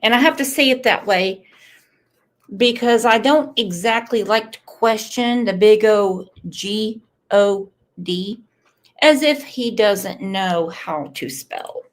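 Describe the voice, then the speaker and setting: Here the true crime channel host speaks at a medium pitch and a slow pace, her voice congested from a cold. Running a casual livestream, she's outspoken and blunt while going through chat, with the occasional emotional aside.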